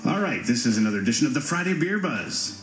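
A man's voice: mid-range voice, big pitch swings, quick pace, faint music behind. Playful male radio host, roomy studio. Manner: playful, banters with guests. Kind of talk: casual radio chat.

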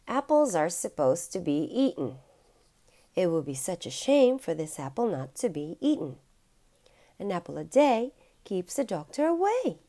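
A woman's voice: on the low side, very animated, moderate pace, mellow. A woman voicing a remorseful young boy in a read-aloud storybook, eager and pleading. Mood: sorry, pleading. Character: young boy who ate a stolen apple, remorseful.

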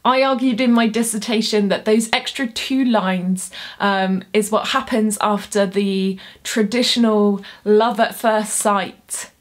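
A woman's voice: medium pitch, fairly even intonation, unhurried, few pauses. A young woman, a poet explaining poetry in a chatty, nerdy way with self-deprecating asides. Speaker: poet and booktuber. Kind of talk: casual explainer video.

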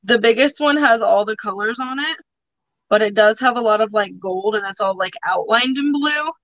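A woman's voice: a little high, moderate pace, fairly bright tone, dry recording, muffled recording. A woman hosting a casual live-stream auction, chatting loosely with lots of filler words as she shows items.

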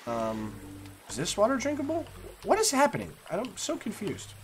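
A man's voice: high-pitched, huge pitch swings, brisk, a little hiss or hum. A man playing a co-op game with a friend who keeps asking questions and joking. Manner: curious, asks many questions, jokey. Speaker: co-op gaming partner. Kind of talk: casual co-op gameplay chat.

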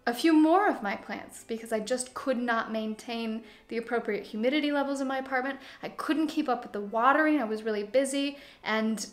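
A young woman chats her way through a houseplant tour in a lively, casual vlog voice. Her voice sits a bit high, and the room around her rings with echo. She drifts from soft, cozy asides to sudden animated outbursts. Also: brisk, hardly any pauses. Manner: chatty and animated, swings between cozy hush and excited outbursts. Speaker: plant YouTuber. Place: living room full of plants. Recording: echoey room.

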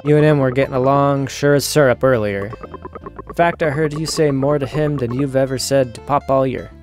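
A man voicing a sulky, sharp-tongued young woman in a video game, snippy and exasperated. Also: mid-range voice, fairly even intonation, a little fast, soft background music, close to an everyday voice.

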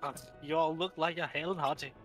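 A streamer doing a put-on Scottish brogue for a gruff old Scottish duck uncle. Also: medium pitch, fairly even intonation, fast, over music, lightly acted. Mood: blustery.

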